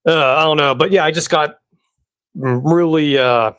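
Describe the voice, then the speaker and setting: A man's voice: a little high, a little slow, fairly bright tone, smooth, dry recording. A man hosting a solo sports podcast, ranting angrily and with profanity, often repeating himself. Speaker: podcast host. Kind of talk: heated solo podcast rant.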